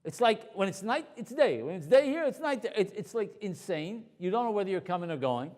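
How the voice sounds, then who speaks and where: Animated storytelling rabbi, fairly high voice. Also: male voice, fairly quick. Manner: animated, anecdotal, with asides and repeated words. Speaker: rabbi and lecturer. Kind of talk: storytelling talk to an audience.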